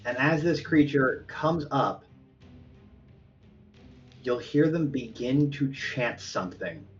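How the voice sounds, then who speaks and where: A man narrating a tabletop game as game master, in slow, deliberate narration over a dull lo-fi recording with faint music. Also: mid-range voice, animated, distant mic.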